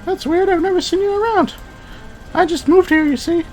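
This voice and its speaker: Guy doing shrill high-pitched teen girl, eager and chirpy, game voice. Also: normal speed, darkish tone, soft background music, low-quality recording. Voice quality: shrill falsetto.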